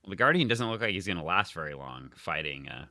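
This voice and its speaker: A man co-hosting a casual comic book podcast, animated and dryly sarcastic. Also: low voice, fast, no echo, clean studio sound. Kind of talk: casual chat.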